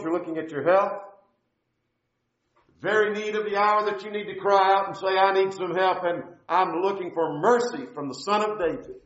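A man preaching a sermon, emphatic, repeating key phrases and quoting scripture. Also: high voice. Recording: echoey, dull church recording.

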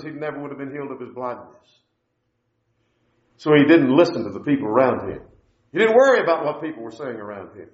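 A man preaching a sermon, emphatic, repeating key phrases and quoting scripture. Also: a little high. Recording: echoey, dull church recording.

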